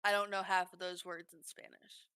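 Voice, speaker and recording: A woman streamer telling work stories in casual chat, animated and swearing freely. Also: lowish voice, normal speed, clear, resonant tone, dry recording, clean studio sound.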